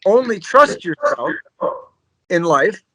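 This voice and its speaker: A man's voice: sits high, sing-song, slow, vocal fry, background noise. A man, a drummer, telling stories in a casual interview, rambling and laid-back, peppering his talk with "you know" and "man.".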